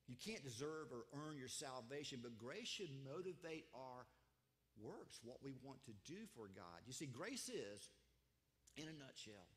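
A man's voice: on the high side, fairly bright tone. A man preaching a sermon as pastor, conversational and emphatic, firing off rhetorical questions to his congregation. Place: church sanctuary. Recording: long hall reverb.

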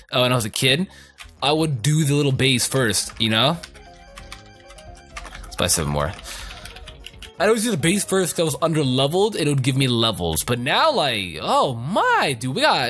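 A young man giving casual, profane commentary over his gameplay, joking, rambling and reacting loudly to what happens on screen. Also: on the high side. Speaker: let's play gamer. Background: faint game music.

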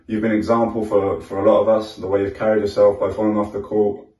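Deep, flat-voiced man in an echoey room. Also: fast talker. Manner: sincere, with small restarts. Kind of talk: casual video message. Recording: echoey room, mic at a distance.

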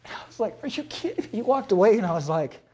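A man from South Dakota, a pastor, telling a story in an animated, expressive way and laughing at his own tales. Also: high-pitched, fast, husky. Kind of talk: sermon-style storytelling talk.

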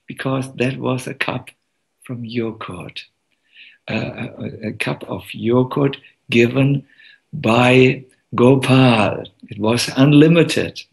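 Slow, gravelly-voiced male monk telling a story. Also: mid-range voice, fairly even intonation. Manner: unhurried, gentle, with soft laughs and many pauses. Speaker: monk giving a message. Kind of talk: devotional talk and storytelling.

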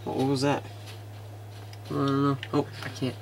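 Excitable man muttering through a game. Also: mid-range voice, gravelly, slight background noise. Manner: excitable, quick to frustration, mutters to himself. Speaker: gamer. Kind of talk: casual game commentary.

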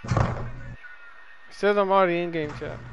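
A man's voice: sits high, steady tone, takes it slowly, highs cut off, over music. A young man streaming a video game, trash-talking and joking with friends over voice chat. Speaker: gaming channel streamer. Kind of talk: casual gaming chat.

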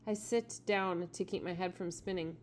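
A woman with a lowish voice reads a children's novel aloud to her students. Her delivery is steady and plain, a teacher's storytelling, with a little faint noise underneath. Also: normal speed.

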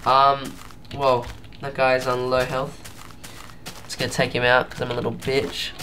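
A man's voice: mid-range voice, level tone, bright, forceful tone, slight background noise. A young man giving casual, rambling commentary while playing a video game. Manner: rambling, unhurried, thinking aloud. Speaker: let's play gamer.

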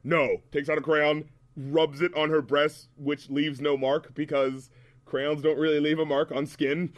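Guy ripping apart a rap album, swears a lot, kinda high voice, dry close mic. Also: unhurried, no room sound. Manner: profane, mocking, animated ranting. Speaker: album reviewer. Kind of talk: casual podcast review chat.

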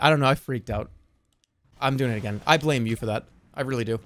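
A man's voice: medium pitch, fast, a bit bright. A man streaming a game, chatting casually in a rambling, stammering way with plenty of swearing. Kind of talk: casual chat while gaming.

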